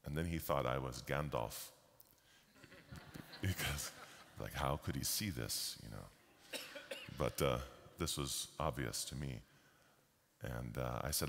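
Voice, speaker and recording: A man giving a slow, deliberate storytelling keynote talk at a conference. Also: very deep voice, gravelly, a bit bright. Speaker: keynote speaker. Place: large conference hall. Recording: long hall reverb.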